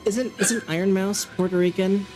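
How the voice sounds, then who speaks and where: A young male streamer chatting casually with friends, his voice a little higher than most men's. He jokes around and swears loosely, with faint music underneath. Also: fairly even intonation, moderate pace. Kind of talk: casual chat.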